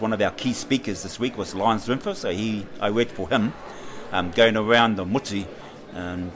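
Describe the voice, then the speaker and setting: A middle-aged man with a New Zealand accent, a guest recounting his own story in an unhurried way, with frequent hesitations and lively quoted voices. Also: lowish voice. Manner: unhurried, animated when quoting others, with many hesitations. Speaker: interview guest. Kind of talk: reflective personal storytelling.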